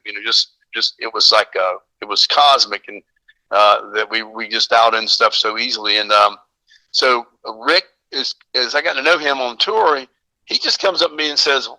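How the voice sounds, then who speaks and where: A man's voice: medium pitch, normal speed, sharp tone, dry recording, rough recording. An older man from the American South, a drummer guest telling rambling, enthusiastic stories in casual chat. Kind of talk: casual phone-in storytelling.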